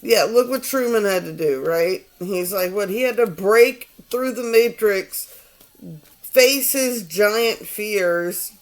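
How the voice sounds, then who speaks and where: A man's voice: sits high, slow pace. A man in his forties giving a casual tarot reading, rambling, swearing and sounding exasperated. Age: 40s. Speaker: tarot reader.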